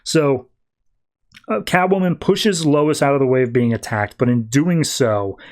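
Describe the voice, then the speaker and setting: A man's voice: mid-range voice, a little slow. A man hosting a podcast, recapping a comic book in a rambling, filler-heavy way. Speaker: podcast host.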